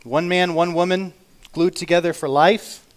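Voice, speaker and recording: A man preaching a sermon as pastor, earnest and emphatic, swinging between loud declarations and quiet asides, slowing down to read scripture aloud. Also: high voice, steady tone. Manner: reads scripture aloud slowly.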